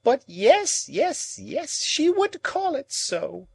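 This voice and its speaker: A man doing a shrill, wailing old woman. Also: huge pitch swings, takes it slowly, vocal fry, darkish tone, dry recording, heavily acted, poor audio. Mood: shrieking. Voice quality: shrill, quavering, moaning. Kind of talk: audiobook character reading.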